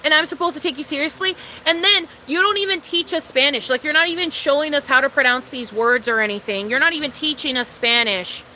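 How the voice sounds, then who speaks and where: A woman's voice: sits high, fairly quick, few pauses, bright, forceful tone, a little hiss or hum, rough recording. A young woman vlogger ranting in a casual storytime, exasperated and incredulous, swearing freely and laughing often.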